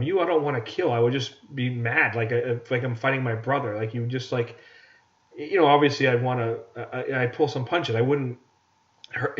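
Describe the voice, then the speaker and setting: A man co-hosting a casual podcast, ranting about movies and stumbling over repeated words. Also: mid-range voice. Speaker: podcast co-host. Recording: dull lo-fi podcast audio.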